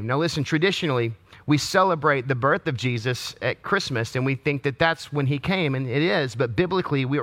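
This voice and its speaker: A man's voice: a little high, a bit bright. A male pastor giving an online Palm Sunday sermon in a conversational, joking way with frequent restarts. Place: empty church or studio.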